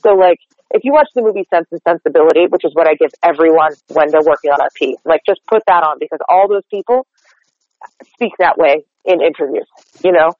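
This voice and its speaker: An American man working as a dialect coach, explaining his technique in an animated, chatty way and acting out example lines. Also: on the high side, a little fast, no echo, narrow, tinny audio. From United States. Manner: animated, explanatory, demonstrates lines aloud, many fillers like "like". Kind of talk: interview guest explaining technique.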